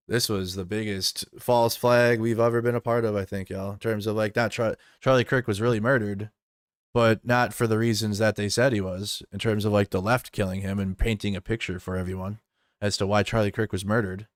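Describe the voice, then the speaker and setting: A man talks loosely on a live stream, rambling, restarting and swearing as he reacts. His voice sits somewhat low and smooth, with a dry close sound and no room around it. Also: steady tone, moderate pace, no echo. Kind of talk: casual live stream commentary.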